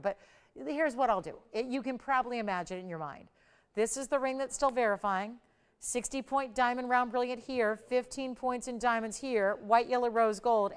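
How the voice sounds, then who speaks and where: A woman's voice: medium pitch, clear, resonant tone. A middle-aged woman hosting a live TV jewelry sale, chatting enthusiastically and building up prices playfully. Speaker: shopping channel host.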